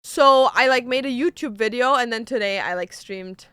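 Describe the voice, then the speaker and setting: A young woman streamer telling a story casually to her chat, animated and swearing freely, with lots of "like". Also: on the high side, normal speed, smooth, dry recording, studio quality.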